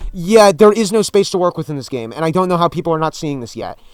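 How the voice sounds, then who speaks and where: A man's voice: a little high, expressive, quick pace, few pauses, smooth, no echo. A man ranting about a video game in a vlog, profane, exasperated and repetitive. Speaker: gaming commentator.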